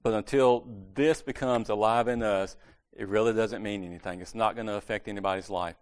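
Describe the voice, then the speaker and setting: Low-voiced man teaching church. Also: fairly even intonation, a little fast. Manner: conversational, self-correcting, lightly humorous. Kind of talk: casual sermon.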